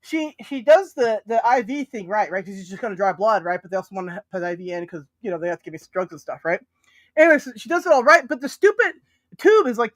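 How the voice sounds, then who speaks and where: Stream host: woman, animated pitch, laughs a lot, dry close mic. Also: no echo. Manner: laughs often, acts out quoted voices. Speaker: livestream host. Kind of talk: casual storytelling chat.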